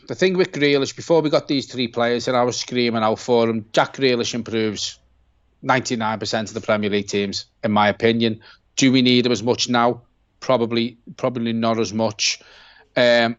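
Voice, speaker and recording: A man's voice: medium pitch, a bit bright, no room sound, dull audio. A man co-hosting a live football watch-along, chatting and reading out donations in a heartfelt, sweary way. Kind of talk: casual live-stream chat, reading out donations.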